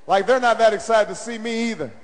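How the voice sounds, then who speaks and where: A middle-aged man tells a rally story with a striking high-pitched voice that climbs into a chanting call-and-response. His words ring out with a long reverb through a large arena. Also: quick pace. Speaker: presidential candidate. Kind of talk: campaign rally speech.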